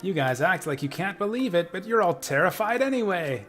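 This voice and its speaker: A man's voice: sits high, very animated, brisk, fairly bright tone, voice pushed up. A man voicing a mocking male cartoon bear ruler, gloating and taunting in a sing-song way, with faint game music behind.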